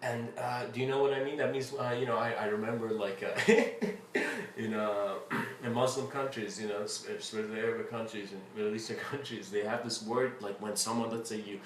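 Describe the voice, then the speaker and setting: A man's voice: on the low side, moderate pace. Man, spiritual lecture, rambling, filler-heavy, roomy echo, faint background hiss. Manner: rambling, full of fillers and restarts. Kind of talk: casual spoken lecture. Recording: roomy with faint ambient noise.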